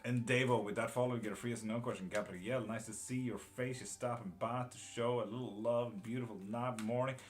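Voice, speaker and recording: A man's voice: medium pitch, fairly even intonation, brisk, hardly any pauses. A man reading tarot live, chatting casually and bluntly with viewers, calling them by name and swearing now and then. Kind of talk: casual live-stream chat.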